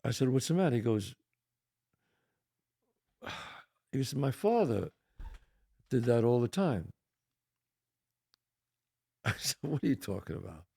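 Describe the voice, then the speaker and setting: An older man with a New York accent, hosting a podcast and telling a long story in a rambling, animated way, swearing now and then. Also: mid-range voice, slow pace, creaky, long pauses, husky, dry recording, studio quality. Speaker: podcast host. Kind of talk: casual storytelling.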